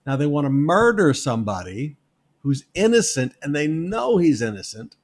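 A man preaching a sermon, reading scripture aloud and commenting on it in an animated, wry way. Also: a little high, normal speed. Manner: animated, wry, reads passages with emphatic quoted voices. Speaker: pastor.

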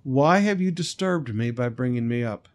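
A man reading the lines of a stern old male prophet's spirit gravely during a sermon, a little louder than his usual talk. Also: mid-range voice, expressive, normal speed, natural voice.

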